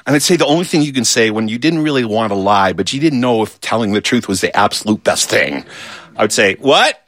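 Bright-voiced playful male storyteller. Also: on the low side, fast talker. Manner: animated, playful, with voiced asides. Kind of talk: humorous storytelling.

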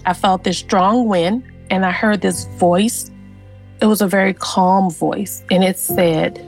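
A woman's voice: medium pitch, slow pace, soft background music, poor audio. A woman from Louisiana in an interview, earnestly telling a personal story about her family and ancestors. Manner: earnest and animated, with fillers. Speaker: interviewee, genealogist.

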